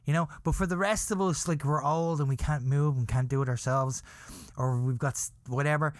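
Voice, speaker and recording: A man's voice: fairly high pitch, steady tone, a little fast, no room sound, clean studio sound. A man hosting a podcast, telling a rambling comic story about himself and often laughing at his own words. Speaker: podcast host.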